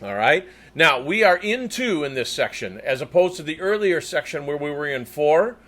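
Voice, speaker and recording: A man coaching tenors as a choir conductor, demonstrating German words slowly with crisp rolled R's between explanations. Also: a little high, big pitch swings, a bit bright. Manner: slow, deliberate delivery. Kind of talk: diction coaching lesson.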